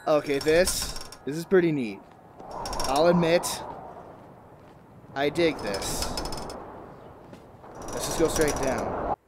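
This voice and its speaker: Excitable gamer man, lively high voice. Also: takes it slowly, long pauses, noisy background. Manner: excitable, exclaiming, joking. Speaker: gaming video creator. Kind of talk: casual gameplay commentary. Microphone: VR headset microphone.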